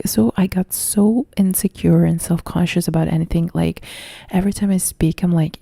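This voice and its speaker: A young Italian woman speaking in a soft whisper, her voice deeply dark and full of gravelly fry. She chats casually with viewers in a whispered role-play live stream, her English carrying a clear Italian accent, and the sound is dry and close. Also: steady tone, moderate pace, no room sound. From Italy. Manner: soft whispered chat reading viewer comments.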